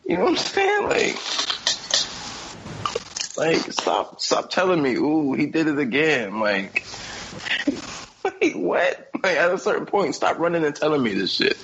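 Co-host, male, gravelly and lively, heated slangy rants, slightly muffled audio with faint noise. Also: on the high side, measured pace, long pauses. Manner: animated, heated ranting with heavy slang and laughter. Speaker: podcast co-host. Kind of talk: casual podcast chat.

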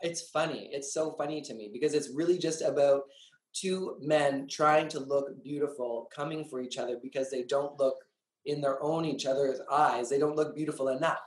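A man's voice: mid-range voice, normal speed. A man, a drag queen guest, talking candidly and dramatically in an interview, full of swearing and acted-out quotes. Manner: profane, dramatic, acts out his own lines. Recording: roomy echo.

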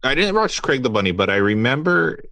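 A man co-hosting a podcast, chatting in a lively, agreeable way. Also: mid-range voice, a little fast, no room sound. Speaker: podcast co-host. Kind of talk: casual chat.

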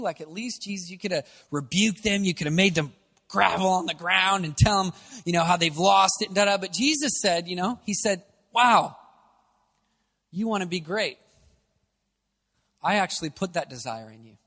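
Male preacher, high and bright, casual asides building to shouted exhortation, long hall reverb. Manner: swings from conversational to shouting exhortation. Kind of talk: energetic sermon.

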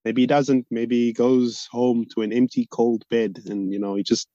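A man in a band, talking on a podcast in an articulate, measured, reflective way. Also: medium pitch, level tone, mellow, dry recording. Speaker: band member. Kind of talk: casual podcast chat. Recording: dull, lo-fi sound.

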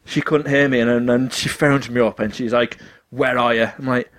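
A man's voice: mid-range voice, steady tone, moderate pace, fairly bright tone. A man telling a funny story in casual chat, acting out the quotes and laughing often.

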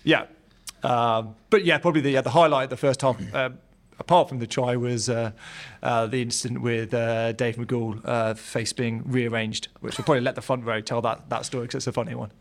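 A man talks quickly as he recalls an old rugby match. He is a former player on a casual podcast. His speech is halting and full of fillers. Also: medium pitch, fairly even intonation. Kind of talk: casual storytelling.

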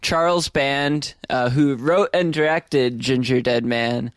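Podcast co-host, male, deadpan jokes, unhurried delivery on a dry, close recording. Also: mid-range voice, no room sound. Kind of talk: casual comedic podcast chat.

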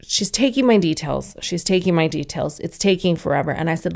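A woman's voice: lowish voice, expressive, brisk, gravelly, a little mellow. A young woman telling a candid, swearing personal story as a casual monologue and acting out the people she quotes.

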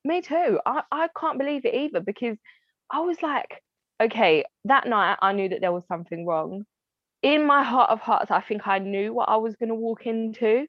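A woman's voice: fairly high pitch, normal speed, no echo. A woman, telling a personal family story to an interviewer in a candid, heartfelt way and often acting out what relatives said. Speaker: interview guest. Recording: dry, slightly dull lo-fi sound.

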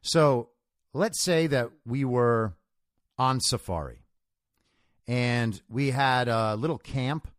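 A male show host giving a solo commentary in a conversational, storytelling manner. His pitch moves a lot and his delivery is emphatic. He sounds close and dry, with no room echo.

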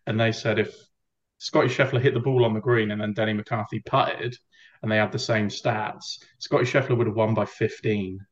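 A man's voice: lowish voice, fairly even intonation, normal speed. Laid-back man hosting a podcast. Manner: easygoing, chatty banter. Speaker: podcast host. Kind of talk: casual chat. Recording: slightly dull lo-fi sound.

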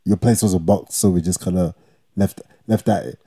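A man's voice: low-pitched, fairly even intonation, moderate pace, warm tone, husky. A young man, co-hosting a podcast and animatedly retelling a story, acting out quotes with slang and tagging lines with "yeah?". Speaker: podcast co-host. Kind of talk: casual storytelling chat.

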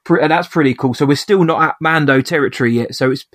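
A man's voice: on the high side, quick pace, fairly bright tone, no room sound, studio quality. A man co-hosting a podcast in casual chat, animatedly retelling scenes and rambling with restarts. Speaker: podcast co-host.

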